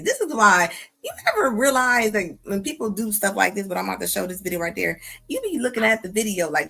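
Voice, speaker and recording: Lively woman doing reaction commentary. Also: mid-range voice, fairly quick, gravelly, breathy edge, soft background music. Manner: animated, laughing, slangy. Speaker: commentary video host.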